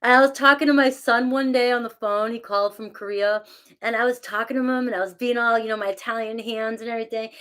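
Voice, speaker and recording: This middle-aged tarot reader talks to her live chat fast, with a fairly high, steady, pushed and bright voice. The stream is casual: she laughs often, mocks herself, and thanks viewers by name.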